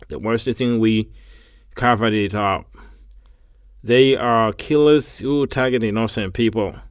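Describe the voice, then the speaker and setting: A man with a Tanzanian accent reading English practice sentences aloud, halting and repeating words. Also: fairly low pitch, no echo, clean studio sound.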